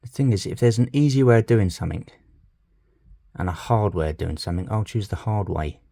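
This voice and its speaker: A man's voice: on the low side, a little fast, dark tone. A British man talking casually as he fixes a small toy, muttering, half-whispering and swearing under his breath. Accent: British English. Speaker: toy collector channel host. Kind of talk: casual commentary while repairing a toy.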